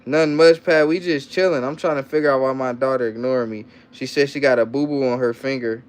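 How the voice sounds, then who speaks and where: A man's voice: mid-range voice, steady tone, quick pace, smooth. Slangy man chatting on a livestream. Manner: reads viewer comments aloud, repeats himself, slangy and loose; coaxing, playful with his child. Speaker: livestream host. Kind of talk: casual livestream chat.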